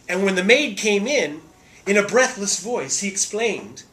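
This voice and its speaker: A man's voice: high-pitched, expressive, measured pace, a bit bright. A man who is a stage actor, telling a humorous story in a theatrical, playful way.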